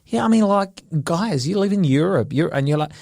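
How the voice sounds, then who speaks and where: A young man chats on a podcast, rambling and full of slang. His voice sits fairly high, and the sound is close and dry. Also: animated, normal speed, gravelly, darkish tone, no echo. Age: young adult. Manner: rambling, slangy, laughs easily. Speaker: podcast co-host. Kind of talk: casual chat.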